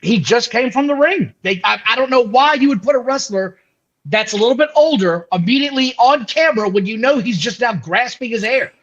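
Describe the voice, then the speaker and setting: Male co-host, high and animated voice, dismissive recaps, muffled lo-fi recording. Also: brisk. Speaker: podcast co-host. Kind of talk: casual wrestling podcast chat. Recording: dull lo-fi audio.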